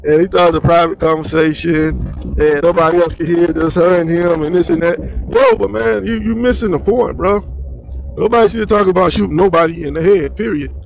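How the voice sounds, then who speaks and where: A man's voice: on the high side, a little fast, vocal fry. A man giving slangy, rambling solo commentary on the news.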